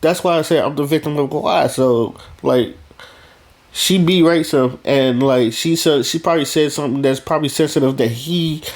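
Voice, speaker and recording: A man's voice: a little high, normal speed, a little mellow. A man talking bluntly in a casual monologue, profane and rambling, restarting his sentences as he goes. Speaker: vlogger.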